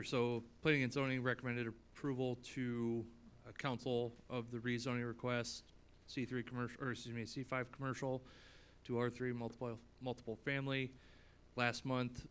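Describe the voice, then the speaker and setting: A man's voice: mid-range voice, a bit bright, a little hiss or hum. A man on city staff giving a matter-of-fact, procedural report at a council meeting.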